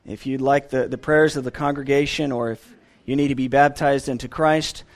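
A man's voice: mid-range voice, moderate pace. A man preaching a sermon to a church congregation, telling stories earnestly with frequent restarts. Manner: earnest, animated storytelling with repeated restarts.

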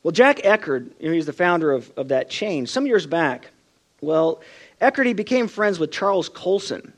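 A man preaching a sermon with a high, lively voice that swoops up and down. He tells his stories with feeling and acts out the voices of the people in them. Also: moderate pace. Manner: expressive storytelling, acts out quoted voices.

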